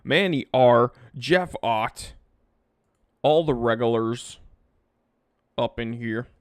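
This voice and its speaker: A man's voice: medium pitch, slow pace, no room sound, studio quality. Joking man reading live stream comments. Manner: joking, self-deprecating, lively. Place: home studio in California. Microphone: wearing headphones, close mic.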